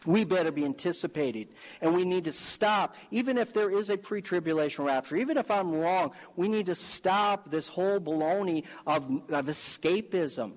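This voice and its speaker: A man's voice: sits high, moderate pace, in a large hall, low-quality recording. A male preacher delivering a sermon, reading scripture and building to emphatic, fervent exhortation.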